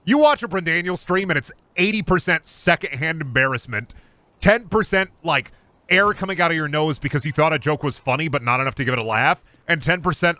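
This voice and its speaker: A man's voice: a little high, animated, brisk, bright, forceful tone. A man streaming a game in casual, crude, goofy commentary, rambling between jokes and trash-talk at opponents.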